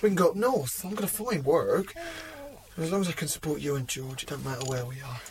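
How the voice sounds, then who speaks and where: A man's voice: fairly high pitch, a little fast, crowd noise, lightly acted. A worried young man, played by a man, loyal and hesitant, often stumbling over his words. The radio drama scene carries busy sounds behind him. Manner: hesitant, stammering.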